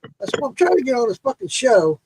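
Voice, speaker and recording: A man's voice: very high-pitched, big pitch swings, fast talker, a little mellow, husky, dry recording, poor audio. A man telling a long, profane story in casual chat and acting out the quotes.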